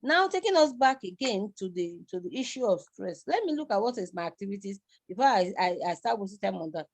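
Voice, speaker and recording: In a live university lecture delivered online, a middle-aged woman with a Nigerian accent wanders from point to point, repeating words and laughing softly. Her mid-range voice is very animated and fairly quick.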